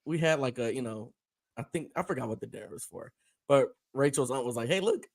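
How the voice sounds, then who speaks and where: Casting: male co-host, mid-pitched, easygoing banter, quick laughs, dry sound. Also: gravelly, no room sound. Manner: laughing, agreeable. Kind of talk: casual sports chat.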